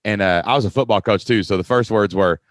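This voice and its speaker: A man hosting a podcast, enthusiastic and quick to laugh, who peppers his talk with "man" and "dude.". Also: on the low side. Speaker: podcast host, former school teacher. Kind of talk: podcast interview, casual chat.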